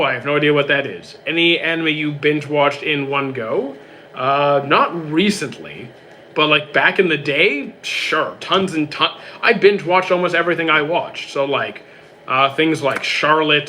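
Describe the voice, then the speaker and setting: A young man streaming live, reading out chat questions and answering them in quick, casual bursts. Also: on the high side, bright, forceful tone, a little hiss or hum. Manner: quick, reads questions aloud then answers briefly.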